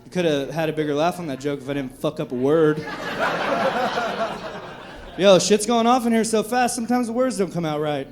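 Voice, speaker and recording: A man's voice: fairly high pitch, a little fast, pauses often, noisy background. A man in his thirties doing a brash, profane stand-up comedy set at a comedy club. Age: 30s. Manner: brash, profane, animated delivery. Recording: live club recording with crowd laughter. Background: audience laughter.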